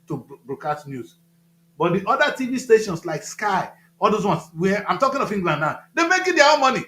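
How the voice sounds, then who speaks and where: A man with a Nigerian accent giving impassioned talk-show commentary, emphatic and repetitive, with loud outbursts. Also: sits high, roomy sound.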